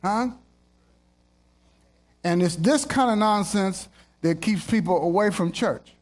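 High-voiced man preaching a sermon. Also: slow. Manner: animated, jokey, jumps into playful voices; repeats lines for emphasis.

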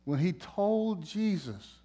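In a church, a high-voiced man delivers a slow, animated, conversational sermon, teasing the congregation along the way. He alternates between loud, emphatic bursts and hushed, gentle stretches.

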